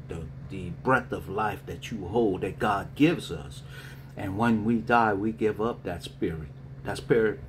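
A middle-aged man, a spiritual reader, answering viewer questions in a rambling, animated way with frequent laughter. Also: on the low side, slight background noise. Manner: rambling, animated storyteller who laughs often.

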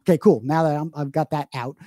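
A man's voice: a little high, steady tone, quick pace, dark tone, no room sound. A man explaining drumming as a teacher in a live online Q&A lesson, talking emphatically with frequent restarts. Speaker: drum teacher.

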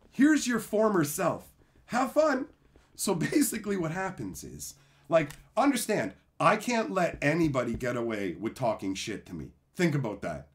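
A male YouTuber telling a story in a lively, swooping voice that sits a little higher than most men's. He swears constantly and slips into mocking voices for old online fights. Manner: profane, animated, acts out quoted insults. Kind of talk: casual storytelling rant.

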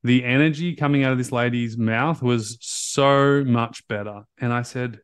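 A man hosting a podcast, telling a story in a casual, animated way, blunt and full of fillers and restarts. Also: mid-range voice, measured pace, clean tone, no room sound, clean studio sound. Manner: blunt, outspoken. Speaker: podcast host, recovery coach.

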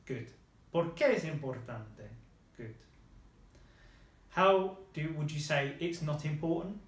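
A man runs a spoken language lesson, repeating phrases slowly and praising each reply. His voice sits a little high for a man. The room rings with a noticeable echo. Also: animated. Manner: patient, encouraging, models phrases slowly and praises each answer. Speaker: language teacher. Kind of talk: guided lesson with a student.

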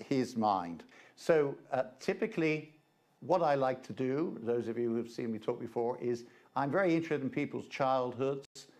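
A man's voice: medium pitch, a little mellow. A man, a reverend and guest presenter, giving an informal slide-show lecture in a chatty, hesitant way with frequent fillers.

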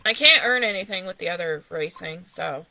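A gamer who chats casually and swears a lot while playing, reacting out loud to the screen. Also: mid-range voice, animated, a little fast, vocal fry, no room sound. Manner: profane, laughing, talking to the screen. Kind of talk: casual gameplay chat.

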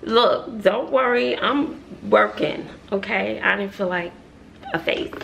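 A woman's voice: medium pitch, slow pace, vocal fry, a little hiss or hum. A chatty woman with a Southern US accent talks to her camera in a casual vlog. She laughs easily and speaks straight to her viewers. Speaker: vlogger.

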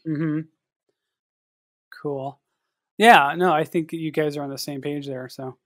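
A man co-hosting a casual writing podcast, talking in a measured, hesitant way with many fillers. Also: on the high side, steady tone, fairly bright tone, dry recording, clean studio sound. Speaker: podcast co-host and editor.

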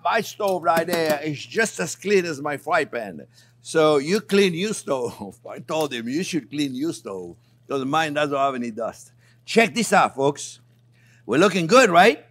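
In an unhurried, fairly high-pitched voice, a chef demonstrates cooking on his kitchen show. He's animated and eager, chatting warmly with his viewers as though they were friends.

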